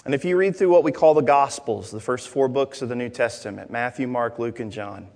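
A young man preaching a sermon in a large hall, telling jokes and stories in an animated way. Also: mid-range voice, fairly quick, gravelly. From Arkansas, USA. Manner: animated, joking storytelling. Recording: long hall reverb.

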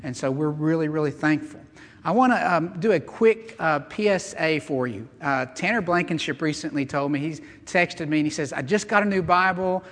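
A man's voice: a little high, normal speed. Earnest male pastor in a reverberant hall. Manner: earnest, emphatic preaching with conversational asides. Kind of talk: sermon. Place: church sanctuary.

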